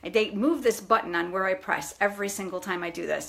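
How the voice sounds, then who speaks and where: A woman's voice: medium pitch, fairly quick, creaky. A middle-aged woman hosting a live craft demonstration from her home craft room on a phone camera, chatty and self-deprecating, greeting viewers by name. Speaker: stamping demonstrator.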